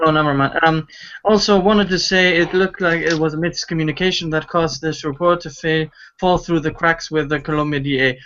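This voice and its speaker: A man's voice: a little high, fairly even intonation, brisk, a bit bright. A man in casual chat reading out text, exasperated and swearing, over a muffled voice chat with faint noise.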